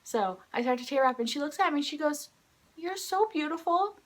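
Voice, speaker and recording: A young woman vlogger telling an excited, rambling story to the camera, filling it with "like" and acting out quotes. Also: quick pace. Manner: excited, rambling, heavy use of "like"; acts out quoted lines in a higher voice. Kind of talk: casual storytelling vlog.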